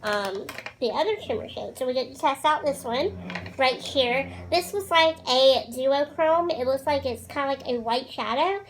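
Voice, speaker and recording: A young woman talks through a makeup tutorial in a high, girlish voice. She is chatty and bubbly, gushing over products and dropping in casual fillers. A faint hiss sits under the recording. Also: expressive, normal speed. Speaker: beauty vlogger.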